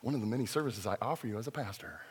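A man preaching a sermon as a pastor, lively and joking, with acted-out quotes. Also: mid-range voice, rapid-fire, big-room sound, a little hiss or hum.

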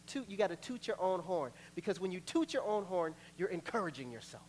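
A man's voice: sits high, a little fast, slight background noise. Playful preaching pastor, man. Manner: lively, playful preaching with laughs and acted-out quotes. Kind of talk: sermon. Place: church sanctuary.

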